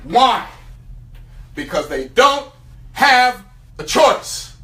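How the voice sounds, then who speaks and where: A man gives a motivational seminar talk in a high, lively voice that swoops up and down as he tells his story. His tone is bright and forceful, and he fires rhetorical questions at the room. The sound is roomy, picked up from some distance in a large hall. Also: drawn-out words. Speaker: motivational speaker.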